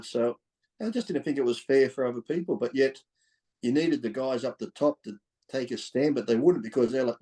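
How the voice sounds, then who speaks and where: Blunt, swearing Australian man, mellow tone. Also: mid-range voice, fairly quick. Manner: blunt, profane, fired-up, laughs between points. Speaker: podcast guest, former pro bodybuilder. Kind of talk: candid storytelling in conversation.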